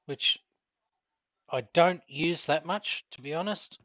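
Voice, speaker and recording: A man's voice: fairly high pitch, takes it slowly, a bit bright, no echo. A middle-aged man with an Australian accent, chatting casually as he streams a game and answers viewer comments. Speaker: gaming streamer. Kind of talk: casual live-stream chat while gaming.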